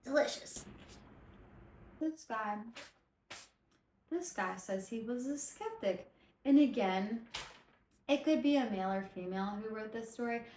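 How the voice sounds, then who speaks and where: A woman's voice: a little high, a little slow, pauses often, a little hiss or hum. Tipsy woman podcaster rambling in an echoey room. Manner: animated, rambling retelling with swearing and self-corrections. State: tipsy from drinking vodka. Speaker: podcast host. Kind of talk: casual storytelling podcast.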